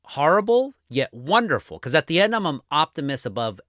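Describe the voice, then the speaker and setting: A man from Southern California, a newspaper columnist, talking as a guest in a casual podcast conversation with a wry, animated, self-deprecating manner. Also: a little high, a little fast, dry recording, studio quality.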